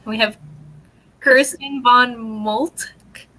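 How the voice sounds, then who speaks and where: Woman, host, casual chat, reads comments, bright tone, high voice. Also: steady tone, drawn-out words, low-quality recording. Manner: greets viewers, reads comments, laughs often.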